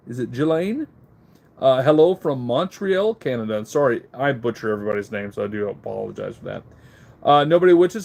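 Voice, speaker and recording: Filming on a handheld phone, a middle-aged man runs a live online auction stream, greeting viewers by name and reading their comments in casual chat. He speaks at a medium pitch with a slightly mellow quality, his mouth a little numb from dental work.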